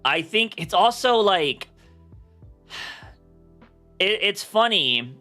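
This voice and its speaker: A man's voice: sits high, big pitch swings, very slow, pushed and bright, faint music behind. A young man chatting casually on a livestream, rambling with lots of fillers and restarts. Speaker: streamer.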